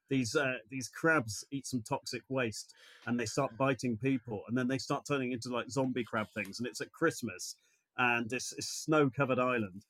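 A man talks easily as a guest on a chat show, joking and rambling with plenty of ums. His voice sits in a middle pitch. The sound is dry and close, with no room around it. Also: a bit bright, no echo, low-quality recording. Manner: chatty, jokey, lots of fillers. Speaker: podcast guest, actor and writer. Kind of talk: casual chat.

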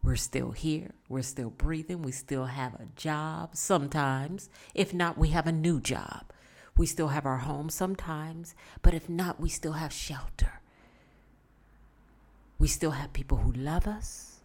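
Low-voiced woman giving earnest advice. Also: a little slow, darkish tone. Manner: earnest, repeats herself for emphasis. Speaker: vlogger giving life advice. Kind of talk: casual motivational talk.

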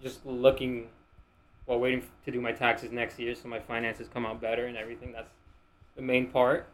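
A man's voice: mid-range voice, monotone, brisk, poor audio. A young man from Miami with the accent to match chats on a podcast in an easy, rambling way, leaning on "like" as he searches for words. His voice sits in a middle register. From Miami, United States. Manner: loose, rambling, heavy use of "like". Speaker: podcast guest. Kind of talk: casual podcast chat.

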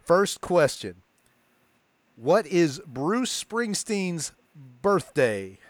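A man's voice: sits high, sing-song, extremely slow, no room sound. A man hosting a casual podcast, upbeat and playful as he runs a trivia quiz. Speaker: podcast host.

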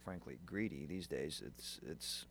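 A man's voice: very deep voice, a little slow, slight background noise. A man in a casual chat, laid-back and agreeable, filling his talk with "you know.".

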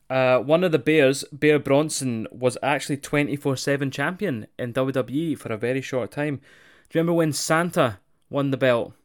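Sweary, animated man. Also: mid-range voice, fairly quick. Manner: sweary, animated, jokey, does mocking voices. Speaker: wrestling podcast co-host. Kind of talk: casual chat.

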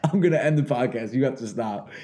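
A man in his twenties hosting a podcast, rambling and animated as he chats. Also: mid-range voice, fast. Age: 20s. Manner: rambling, animated, laughs easily. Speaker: podcast host. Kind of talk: casual chat.

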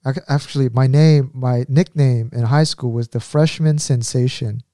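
A man talks through memories in a relaxed, mellow voice, dry and close. His speech wanders with frequent fillers and restarts. He slips into quick character impressions as he goes. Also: medium pitch, no room sound. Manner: rambling, filler-heavy storytelling with impressions. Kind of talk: casual conversation.

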